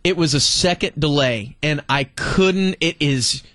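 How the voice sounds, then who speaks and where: A man, hosting a radio show and telling a story in a lively, laughing way. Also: a little high, a little slow, no room sound. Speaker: radio host. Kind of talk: casual radio chat.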